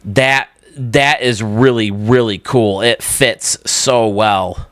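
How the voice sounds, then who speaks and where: A man's voice: lowish voice, slow pace, a bit bright, no echo. A man hosting his own channel, chatting casually and enthusiastically while touring video game stadiums, often laughing at himself. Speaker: YouTube host.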